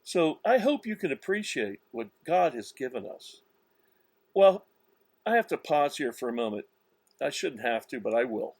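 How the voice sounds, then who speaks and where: Slow emphatic guy going on about faith, stops and restarts a lot, dead dry sound. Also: mid-range voice, creaky, husky, no echo. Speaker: religious commentator. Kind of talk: self-recorded religious monologue.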